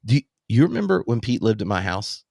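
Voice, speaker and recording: A man hosting a podcast in casual chat, telling animated anecdotes. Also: fairly low pitch, fast talker, gravelly, no room sound, studio quality. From US South. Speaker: podcast host.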